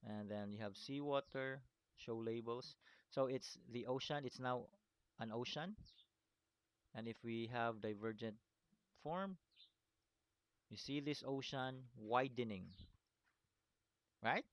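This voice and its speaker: A man with a smooth, resonant voice walks students through a screen-recorded lesson. He repeats key points and keeps checking understanding. The sound is close and dry, with no room around it. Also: medium pitch, takes it slowly, pauses often, dry recording. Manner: repetitive, stops to check understanding with "okay?" and "right?"; apologetic chuckles at his own slips. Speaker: teacher.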